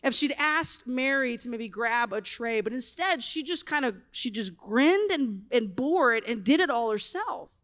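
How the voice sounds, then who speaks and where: High-voiced woman telling lively stories. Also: a little slow, few pauses. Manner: animated, expressive, wry. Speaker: conference speaker. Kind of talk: humorous storytelling talk.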